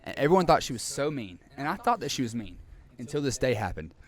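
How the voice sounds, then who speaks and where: A young man co-hosting a podcast, telling a story in a lively, animated way and acting out scenes. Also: mid-range voice, quick pace. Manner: animated storyteller, acts out scenes, laughs often. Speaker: podcast co-host. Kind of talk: casual chat, storytelling.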